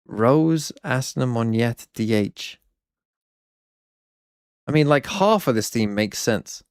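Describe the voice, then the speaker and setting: Gravelly guy streamer roasting fantasy teams, dry close mic, blunt and wry. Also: mid-range voice, animated, takes it slowly, dry recording. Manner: wry, blunt, thinking aloud. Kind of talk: casual livestream commentary.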